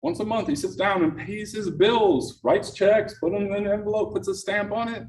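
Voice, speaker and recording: Middle-aged guy running a workshop, slightly high voice, echoey room, far from the mic. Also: fairly even intonation, normal speed, a little mellow. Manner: engaging, quizzes the audience with questions. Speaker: workshop presenter. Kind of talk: interactive productivity workshop talk. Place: meeting room with a live audience. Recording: echoey room, distant mic, faint noise.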